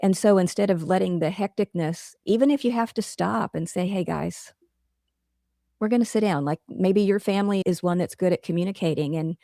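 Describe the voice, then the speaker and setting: Middle-aged woman guest, mellow gravelly voice, earnest and reflective, interview chat. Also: fairly low pitch, a little fast, hardly any pauses, no echo, studio quality. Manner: earnest, reflective, talks through examples. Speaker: guest author. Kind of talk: casual interview conversation.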